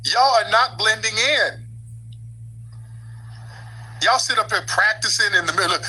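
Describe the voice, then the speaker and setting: A man's voice: high voice, a little slow, long pauses, bright, forceful tone, husky, poor audio. A man hosting a call-in show, mocking and confronting a caller. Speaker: talk show host.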